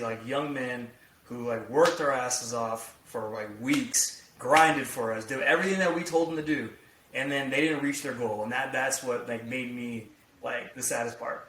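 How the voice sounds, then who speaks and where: A man's voice: medium pitch, a bit bright. A man co-hosting a podcast, chatting casually in a rambling way, full of "like" and swearing. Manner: rambling, heavy use of "like", profane. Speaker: podcast co-host. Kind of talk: casual chat. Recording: echoey room, distant from mic.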